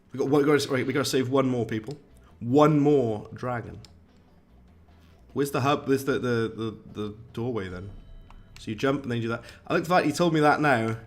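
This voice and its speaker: Casting: posh-sounding man, rambling game-stream chatter, mid-pitched. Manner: chatty, rambling, talks to viewers. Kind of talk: casual game-stream chat.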